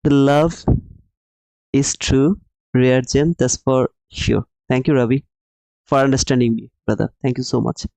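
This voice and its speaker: A man's voice: medium pitch, fairly even intonation, a little slow, gravelly, a little mellow, no room sound, rough recording. A man hosting a live trading stream who explains the market emphatically, repeats his points and calls his viewers brother while answering the chat. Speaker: livestream trading host.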